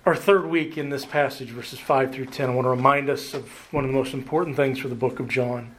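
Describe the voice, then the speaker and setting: A man preaching a sermon as pastor, earnest, slowing down and lifting his voice to stress key words. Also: medium pitch, fairly even intonation, a bit bright, slight background noise, low-quality recording. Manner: earnest preaching, slows and rises for emphasis, occasional restarts.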